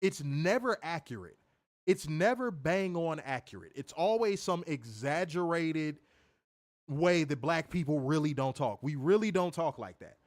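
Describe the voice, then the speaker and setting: A man co-hosting a casual wrestling review podcast, animated, swearing freely and laughing often. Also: fairly high pitch, unhurried. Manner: animated, profane, laughs a lot. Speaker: podcast co-host.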